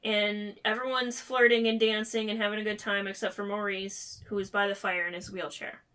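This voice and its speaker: Bright-voiced woman retelling a story. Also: medium pitch, a little fast, clean tone. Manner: animated retelling, quotes characters in playful voices. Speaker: podcast co-host. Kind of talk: casual book discussion.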